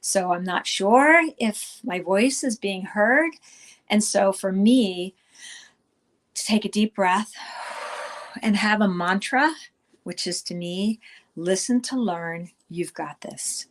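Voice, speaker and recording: A woman's voice: medium pitch, takes it slowly, long pauses. A middle-aged woman giving a virtual conference talk, speaking conversationally with frequent fillers and restarts.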